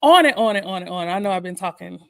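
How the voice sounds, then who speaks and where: A woman, a guest co-host telling a candid, lively personal testimony with laughter on a morning talk stream. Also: mid-range voice, fast, vocal fry. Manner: lively, laughing, acts out her own prayers.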